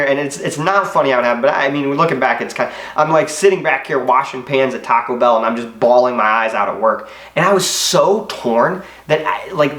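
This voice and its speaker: A man's voice: medium pitch, a bit bright. Earnest young man in an echoey room. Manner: earnest, emotional, confessional, with hesitations. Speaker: motivational speaker. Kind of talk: personal story told to camera.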